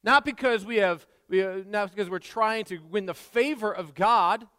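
Brief: an earnest, chatty male pastor with a high, clear voice, preaching in a church with a long hall echo. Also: normal speed, pushed and bright. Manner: conversational, earnest, with frequent restarts and asides. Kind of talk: sermon. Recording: long reverb in a large hall.

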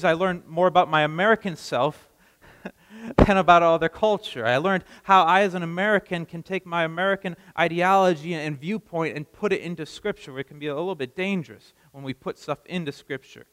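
A man's voice: on the high side, a bit bright, big-room sound, rough recording. A man giving a sermon as pastor, talking in a conversational way with frequent restarts and repeated words.

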